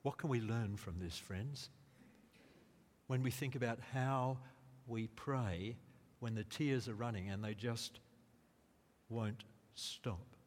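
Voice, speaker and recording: A man preaching a sermon in a slow, deliberate way, rising to emphatic quotes. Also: medium pitch. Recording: long reverb of a large hall.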